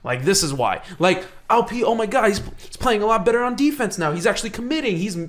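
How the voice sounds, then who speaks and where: A man co-hosting a sports podcast, talking excitably in casual chat, often restarting and swearing. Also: high-pitched, fast talker. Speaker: podcast co-host.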